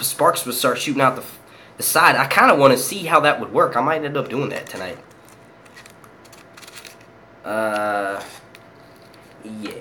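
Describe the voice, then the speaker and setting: A man's voice: on the high side, sharp tone, slight background noise. A young man from Philadelphia, hosting his own channel and chatting casually, profane and rambling, laughing often. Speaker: YouTube channel host. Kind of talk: casual live stream chat.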